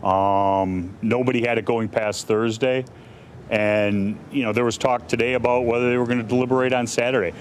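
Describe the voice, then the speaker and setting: A man's voice: medium pitch, fairly even intonation, normal speed, slight background noise. A middle-aged male defense attorney answering reporters' questions bluntly, with many restarts and fillers. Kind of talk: press conference answers.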